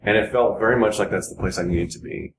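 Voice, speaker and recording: A fast-talking man in his forties with a somewhat low voice appears as a guest in a casual podcast conversation. Earnest and rambling, he restarts a lot, and clear background noise runs under the echoey, roomy sound.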